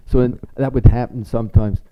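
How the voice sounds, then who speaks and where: A man's voice: mid-range voice, steady tone, normal speed, background noise. A man presenting at a parenting seminar in a chatty, informal teaching style, often acting out bits of dialogue. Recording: slightly dull lo-fi sound.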